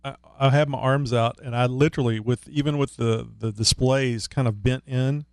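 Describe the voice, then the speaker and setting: Male podcast co-host, gravelly, rambling and joking, dry close mic. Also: mid-range voice, steady tone, moderate pace, dry recording. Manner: joking, rambling, fiddles with his setup while talking. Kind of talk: casual chat.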